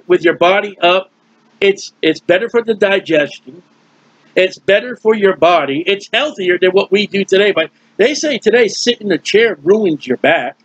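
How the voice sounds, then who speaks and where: A man with a fairly high, husky voice walks through a Bible passage in an informal teaching style. He talks conversationally, reaching for everyday comparisons and often restarting his sentences. The audio is dull and lo-fi, with a dry, close sound. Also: a bit bright, no echo.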